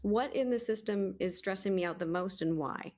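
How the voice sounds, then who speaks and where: Woman guest speaker, mid-pitched, earnest and reflective, giving advice with self-aware humor. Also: moderate pace, darkish tone. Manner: earnest, thoughtful, laughs at herself.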